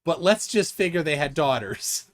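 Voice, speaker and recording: A man's voice: on the high side, animated, normal speed, fairly bright tone. A man hosting a casual livestream chat, teasing his guests and laughing often. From United States. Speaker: livestream host.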